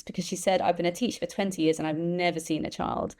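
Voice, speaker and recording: A woman, a guest who tells lively stories and acts out the voices of the people she quotes. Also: lowish voice, fast talker, hardly any pauses. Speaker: interview guest, empathy expert. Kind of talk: conversational storytelling.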